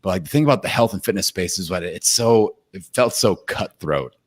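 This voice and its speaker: Deep-voiced male podcast host. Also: a little fast. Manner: relaxed, affirming and conversational. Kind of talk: casual interview chat.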